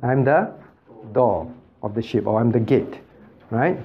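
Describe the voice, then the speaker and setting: A pastor leads a Bible study class, firing questions at his listeners and checking they follow with a quick "right?" He chuckles often as he explains. The recording is muffled and lo-fi. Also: mid-range voice, animated. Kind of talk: interactive Bible study teaching.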